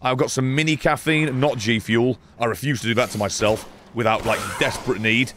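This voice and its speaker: A man's voice: mid-range voice, fairly even intonation, brisk, noisy background. A man streaming a horror game, chatting casually with his viewers, reading their messages and swearing freely as he plays. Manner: swears freely, banters with chat. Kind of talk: casual gameplay commentary.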